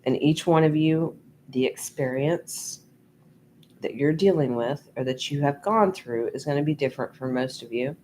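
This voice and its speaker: A woman giving a channeled tarot reading, talking slowly and meandering with many ums and restarts. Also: low-pitched, darkish tone, slight background noise, poor audio. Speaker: tarot reader. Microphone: USB microphone.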